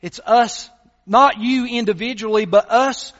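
A man's voice: very high voice, a little slow, fairly bright tone, in a large hall, dull audio. A man preaching a sermon as pastor, emphatic and full of rhetorical questions to his congregation.

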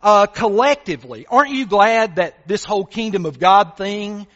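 A man's voice: high voice, animated, moderate pace, a bit bright, long reverb tail, dull audio. A man preaching a sermon as pastor, emphatic and full of rhetorical questions to his congregation.

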